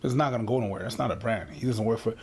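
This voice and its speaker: A man in a casual reaction chat, bluntly and flatly disagreeing. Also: lowish voice, very fast, slight background noise.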